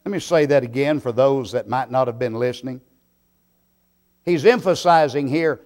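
A man preaching a sermon, slow and deliberate, swelling into loud emphatic bursts. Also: medium pitch.

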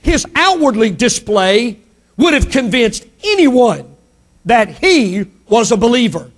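High-voiced preacher delivering a sermon. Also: male voice, very animated, slow pace. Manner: emphatic preaching, rising and falling pitch for effect.

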